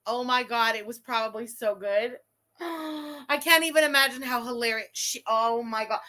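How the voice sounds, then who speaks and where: A woman hosting a live stream, reacting to a video with excited, profane outbursts and frequent laughter. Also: a little high, moderate pace.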